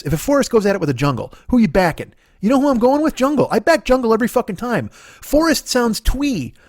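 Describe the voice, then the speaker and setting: A middle-aged male comedian rants fast and high, his pitch leaping all over as he argues with himself in a rambling, profane stream. The sound is dry and close, with no room echo. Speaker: comedian and podcast host. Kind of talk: solo comedic rant. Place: at home.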